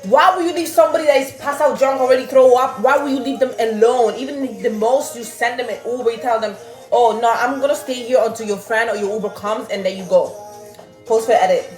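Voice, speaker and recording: A young woman chats to her viewers, animated and laughing. Her voice sits a little high. The sound is roomy, with faint music behind her. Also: brisk. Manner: animated, swearing, laughing, reading chat aloud. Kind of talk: casual storytelling to viewers.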